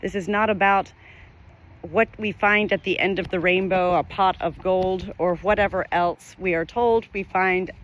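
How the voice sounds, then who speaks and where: A woman's voice: fairly low pitch, a little hiss or hum. A middle-aged woman, a spiritual medium, talking straight to the camera from her farm home, earnest and rambling, repeating her phrases. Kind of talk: direct-to-camera spiritual message.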